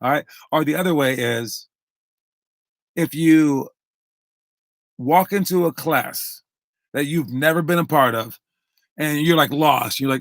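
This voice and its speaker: Man, basketball coach, casual live talk, lecturing storyteller, slightly high voice, dry close sound. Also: moderate pace, no echo. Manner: storytelling, lecturing, acts out quotes.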